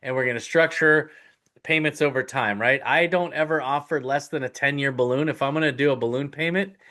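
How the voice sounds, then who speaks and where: A man leading a live teaching webinar, talking loosely and conversationally. His voice sits at an ordinary middle pitch. He gives emphatic, direct advice and tosses in quick check-ins with the audience. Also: fairly bright tone. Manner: casual, conversational, with frequent "right?" check-ins. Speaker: host teaching real estate investing.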